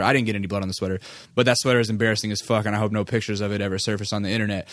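A man's voice: fairly low pitch, flat delivery, very fast, no echo, studio quality. A man hosting a podcast, telling a story in a loose, profane way with lots of fillers. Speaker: podcast host. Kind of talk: casual storytelling monologue.

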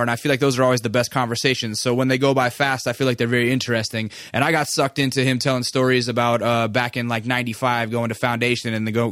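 A man's voice: mid-range voice, a bit bright, dry recording, clean studio sound. A man hosting a podcast, telling a story in a loose, profane way with lots of fillers. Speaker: podcast host. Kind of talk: casual storytelling monologue.

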